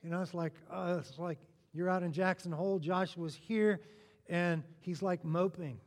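A high-voiced man preaches a sermon with lively energy and playful asides to the crowd. His voice rings out with a long reverb, as if he stands in a large hall. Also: moderate pace. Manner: animated, joking asides to the congregation.

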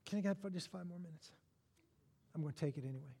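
A high-voiced man preaches a sermon with lively energy and playful asides to the crowd. His voice rings out with a long reverb, as if he stands in a large hall. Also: fast, gravelly. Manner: animated, joking asides to the congregation.

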